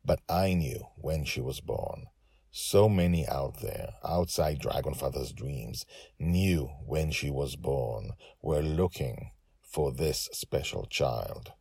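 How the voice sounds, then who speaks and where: A man voicing a loving male red dragon who watches over a girl, telling the story in a hushed, gentle way. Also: rumbling low, animated, slow pace, vocal fry, breathy edge, no room sound, heavily acted. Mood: tender. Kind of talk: first-person storybook narration.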